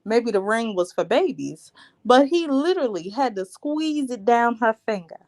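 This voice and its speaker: A woman hosts a live recap of a reality show, gossipy and full of slang. Her voice is a bit high, and her pitch jumps around freely as she dishes. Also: lively intonation, moderate pace, darkish tone.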